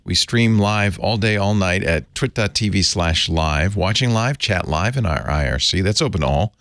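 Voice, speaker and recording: A man's voice: low voice, lively intonation, moderate pace, fairly bright tone, no echo, studio quality. A man hosting a podcast in an easygoing, jokey way, chatting casually and reading the show's plugs. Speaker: host. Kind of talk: casual podcast chat and show outro.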